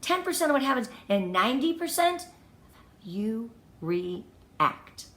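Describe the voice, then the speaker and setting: A woman's voice: on the high side, big pitch swings, slow, a bit bright, echoey room. Upbeat woman giving a team pep talk. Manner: enthusiastic and emphatic, numbering tips, repeating key phrases. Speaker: direct sales team leader. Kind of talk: motivational team training talk.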